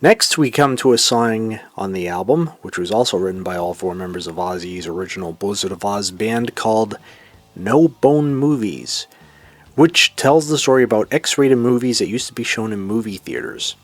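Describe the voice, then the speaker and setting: A man with a Boston accent hosts a casual classic rock commentary, his voice sitting on the low side. He talks with gusto, breaking into lines of songs. The sound is close and dry, with no room around it. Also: normal speed, dry recording. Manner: enthusiastic, sings lyrics and imitates singers. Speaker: podcast host. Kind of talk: casual solo music commentary.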